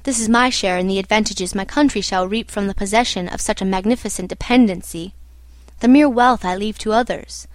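A woman doing a calm old doctor man. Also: mid-range voice, brisk, no room sound, lightly acted. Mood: calm, clinical. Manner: matter-of-fact, imperturbable. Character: old male doctor, little, shabby, calm and odd.

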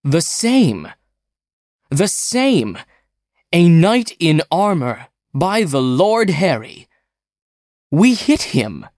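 A man voicing an excited young male train fireman who blurts out short exclamations in a raised voice. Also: a little high, extremely slow, no room sound, clean studio sound, voice pushed up, full character voice.

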